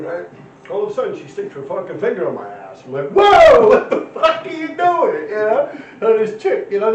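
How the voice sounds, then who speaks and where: A man in his fifties tells rambling, profane stories in a rough, streetwise way. His voice sits fairly high and has a gravelly edge. He sounds far off in a roomy space on a dull, lo-fi recording. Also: darkish tone, a little hiss or hum. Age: 50s. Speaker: interview guest. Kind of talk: casual storytelling.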